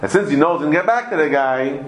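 A man's voice: on the high side, lively intonation, fast talker. Man, Talmud teacher, emphatic, repeats words, echoey room. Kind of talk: text-study class. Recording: echoey room with faint background noise.

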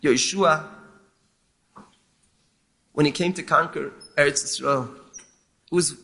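Halting, gravelly male rabbi teaching. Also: a little high, sharp tone. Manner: measured and halting, with repeated words. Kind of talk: explaining a lament text, mixing Hebrew terms.

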